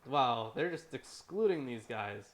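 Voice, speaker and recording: A man's voice: medium pitch, animated, measured pace. A man co-hosting a casual discussion show who reads scripture aloud with wry, irreverent asides, sometimes swearing and stumbling over names. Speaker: podcast co-host reading scripture.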